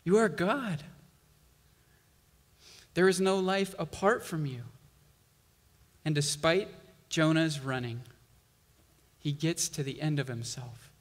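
Slow-preaching pastor in a reverberant hall. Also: male voice, a little high. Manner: slow, emphatic preaching with rising intensity. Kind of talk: sermon.

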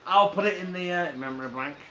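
Sweary Oldham bloke joking around. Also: male voice, sits high, fast. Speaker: livestream host. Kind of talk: casual banter. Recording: roomy echo with background noise.

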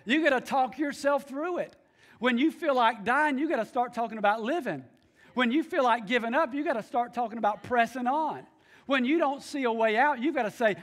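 Male pastor, high-pitched, emphatic preaching with repeated phrases. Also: moderate pace, a bit bright. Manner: emphatic, repeats key phrases, calls for amens. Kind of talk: sermon.

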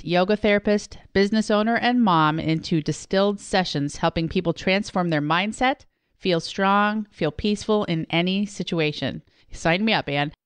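A woman's voice: fairly low pitch, smooth, no echo. A woman from Wisconsin hosting a podcast interview, upbeat and enthusiastic. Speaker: podcast host.

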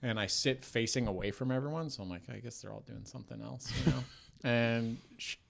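A man's voice: medium pitch, brisk, vocal fry. A young man co-hosting a podcast, telling a comic story in casual chat and laughing often as he acts out the people in it. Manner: animated, laughs often, acts out voices in anecdotes. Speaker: podcast co-host.

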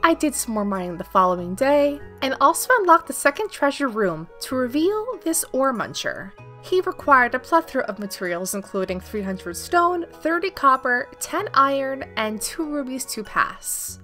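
A woman's voice: sits high, very animated, normal speed, pushed and bright. A young woman, a gaming YouTuber, giving upbeat, playful scripted narration of her gameplay as a voice-over. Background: faint background music.

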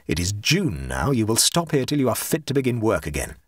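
A man reading the lines of a joyful, dreamy young gentleman in an audiobook ghost story, speaking them warmly and softly. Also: lowish voice, wildly swooping pitch, a little fast, no echo, clean studio sound. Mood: hearty.

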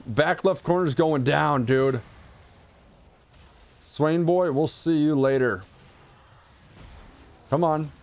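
A young man streaming live gameplay commentary, excitable, swinging from low mutters to shouts. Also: slow, long pauses.

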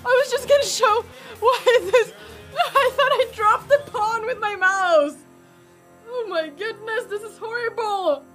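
Very high-voiced excitable young woman. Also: unhurried, over music. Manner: excitable, exclaiming and laughing often. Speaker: chess streamer. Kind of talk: live-stream chess commentary.

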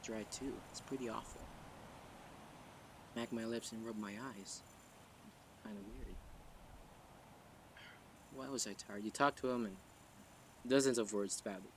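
A man's voice: on the low side, steady tone, unhurried, long pauses, slight background noise, low-quality recording. A man narrating a story casually, rambling and thinking aloud with fillers as he reads. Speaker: story narrator and channel host.

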